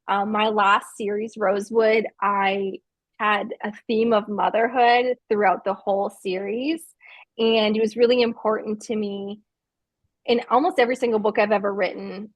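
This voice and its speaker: A woman in her thirties, a guest author, speaks in a mid-range voice over a video call with no echo and the high frequencies cut off. In this casual interview she tells animated, self-deprecating stories, giggling and laughing often.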